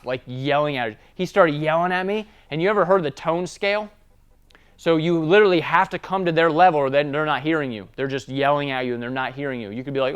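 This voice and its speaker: A smooth-voiced man coaching salespeople. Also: fairly high pitch, fast talker. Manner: conversational storytelling, tag questions. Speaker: sales trainer. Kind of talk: casual business training talk.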